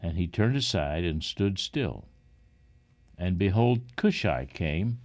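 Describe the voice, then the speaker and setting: Deep, slow solemn man reading scripture. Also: expressive, a little mellow. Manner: solemn, measured. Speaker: reader.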